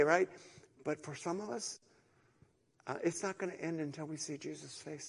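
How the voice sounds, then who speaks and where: A middle-aged man delivers a sermon, earnest and searching, dropping to near-whispers and then rising to emphatic declarations. His voice sits a little high with a gravelly edge. A long reverb trails his words. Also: normal speed, pauses often. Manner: earnest, swings from hushed to emphatic, repeats words. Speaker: pastor.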